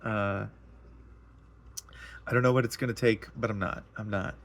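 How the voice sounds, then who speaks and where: A man casually sharing a personal testimony, earnest and emotional, rambling and repeating himself as he tells it. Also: fairly low pitch.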